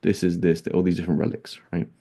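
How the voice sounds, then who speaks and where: Low gravelly guy giving a chatty lesson, mellow dark tone, keeps saying right?. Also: flat delivery, fast. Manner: conversational, many fillers and rhetorical "right?". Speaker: Islamic teacher. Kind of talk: casual classroom lecture.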